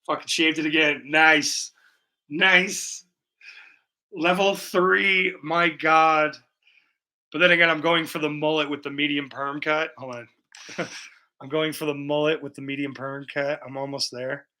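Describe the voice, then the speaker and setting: Young male streamer painting live, talks casually and swears freely, bright tone. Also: a little high, steady tone, unhurried. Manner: loose, profane, chatty with viewers. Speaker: livestreaming painter.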